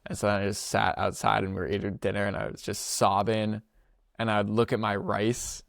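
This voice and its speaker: Low gravelly young man, rambling casually. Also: level tone, a little fast, no room sound, clean studio sound. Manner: rambling, laughs often, filler-heavy slangy speech. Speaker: podcast co-host. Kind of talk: casual storytelling chat.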